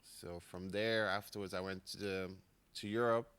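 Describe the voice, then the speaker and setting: Relaxed seychellois guy with an american accent, low smooth voice, laughs a lot. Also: moderate pace. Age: 40s. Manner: easygoing, laughs often, talks in short pieces. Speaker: basketball coach, guest. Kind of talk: casual chat interview.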